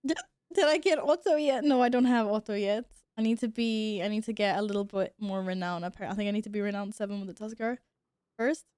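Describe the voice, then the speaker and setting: A woman's voice: medium pitch, fairly quick, a little mellow, clear, resonant tone, dry recording, studio quality. A woman streamer with the hiccups, chatting casually while gaming, giggly, flustered and swearing now and then. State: has the hiccups.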